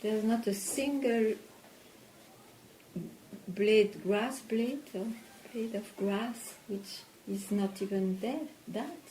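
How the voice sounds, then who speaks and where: Slow, probing woman teacher. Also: medium pitch, mellow. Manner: slow, probing, questions the listener. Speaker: spiritual teacher. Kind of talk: satsang teaching dialogue. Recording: echoey room with faint noise.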